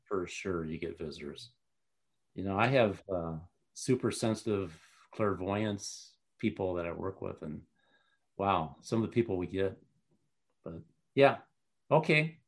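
A man's voice: low-pitched, lively intonation, a little slow, long pauses. A man telling a long personal story in a casual interview, rambling with many fillers and restarts. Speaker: guest.

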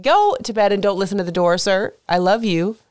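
A woman's voice: medium pitch, animated, brisk, a little mellow, no echo, studio quality. A woman in her thirties from Florida hosting a podcast, talking in a candid, rambling, emotional way. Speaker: podcast host and mother. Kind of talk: casual podcast chat.

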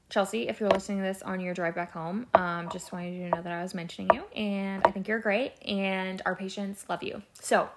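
A young adult woman talks through her week on her own podcast, rambling and candid. She fills her sentences with "like" and "you know", swears now and then, and sounds at an ordinary middle pitch for a woman. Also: gravelly. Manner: rambling, filler-heavy, candid and expressive, swears casually. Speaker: podcast host, labor and delivery nurse. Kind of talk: casual solo podcast chat.

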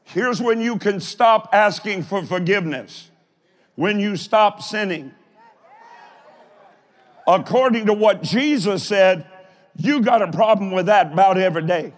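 A pastor preaching a live sermon in a folksy, plain-spoken way, with emphatic bursts of shouting. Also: male voice, high voice, measured pace, pauses often. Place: large church or college auditorium.

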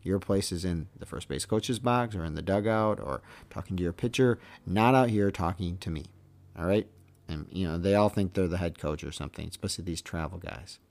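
A man's voice: low voice, brisk, gravelly, a little mellow. A middle-aged man, a veteran umpire hosting his own show, telling stories in a casual, emphatic way and often adding "okay?" to make his point. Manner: emphatic, keeps checking in with "okay?" and "all right?". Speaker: veteran baseball umpire, podcast host. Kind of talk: casual storytelling monologue.

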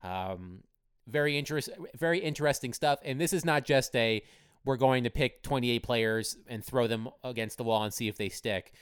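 Guy co-hosting a sports podcast, smooth resonant voice, rambly, lots of ums and uhs. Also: medium pitch, normal speed. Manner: rambling, loose, hesitant with many ums. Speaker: podcast co-host, hockey writer. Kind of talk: casual sports podcast chat.

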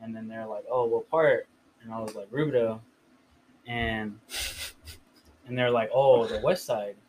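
A man's voice: fairly low pitch, fairly even intonation, unhurried, a little hiss or hum, low-quality recording. A young man from the Riverside area, telling a story in a casual, profane podcast chat full of filler words. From Riverside area, California. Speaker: podcast host.

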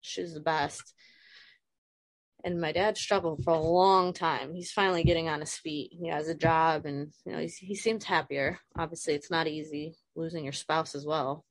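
A woman's voice: low-pitched, steady tone, normal speed, dry recording. A woman in her thirties, a guest speaking frankly and emotionally about loss, swearing casually, on a video call. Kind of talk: candid personal conversation.

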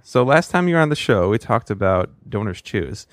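A man hosting a speech pathology podcast, talking in a relaxed, chatty way with musing asides. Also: fairly low pitch, fairly quick, no echo, clean studio sound. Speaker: podcast host. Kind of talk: podcast intro and interview.

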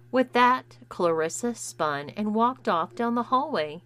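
A woman's voice: lowish voice, expressive, slow pace, few pauses, fairly bright tone. A woman narrating a first-person story and voicing its dialogue herself. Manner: acts out dialogue with shifting voices.

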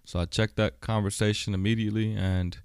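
A man's voice: fairly low pitch, steady tone, fairly quick, darkish tone, clear, resonant tone, no echo, clean studio sound. A man hosting a personal podcast monologue, talking bluntly with heavy swearing, many fillers and a recurring "right?". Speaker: podcast host. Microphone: studio microphone.

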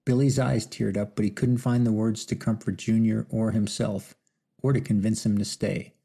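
A man narrating an audiobook in a measured, somber storytelling manner. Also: fairly low pitch, flat delivery, gravelly, warm tone, slightly rough. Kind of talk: scripted narration.

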